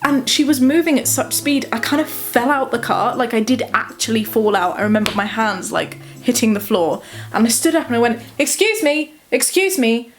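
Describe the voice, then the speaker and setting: A young Englishwoman recounts a tense personal story for her vlog, bringing every exchange to life by acting out both sides of the dialogue. Her voice sits fairly high, and soft music plays faintly behind her. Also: a little fast. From England. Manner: animated retelling, acting out dialogue. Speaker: vlogger. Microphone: camera mic.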